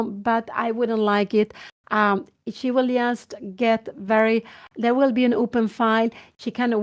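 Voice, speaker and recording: Middle-aged Swedish woman, chess commentator working from home, muses aloud and hesitates. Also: a little high. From Sweden. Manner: thinking aloud, hesitant, with many fillers and restarts. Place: home room.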